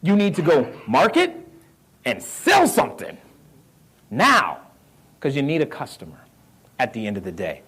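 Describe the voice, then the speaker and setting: A man's voice: mid-range voice, a little slow, long pauses, husky. A man with a Southern American accent giving a live motivational talk on real estate, quizzing the audience and repeating his key lines. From North Carolina roots. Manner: energetic, asks the crowd questions, repeats key lines.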